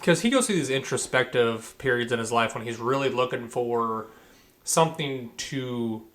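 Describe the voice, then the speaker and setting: A man's voice: medium pitch, expressive, normal speed, fairly bright tone. A man co-hosting a podcast, explaining at length in a casual, rambling way with many fillers and restarts. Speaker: podcast co-host. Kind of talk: casual chat.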